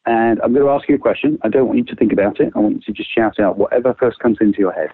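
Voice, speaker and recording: Energetic man on a tinny line. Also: very fast, breathy edge, dry recording. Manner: lively, swings pitch widely, casual swearing. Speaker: creativity trainer, guest. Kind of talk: animated explaining with quick exercises. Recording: dry, phone-like narrow sound.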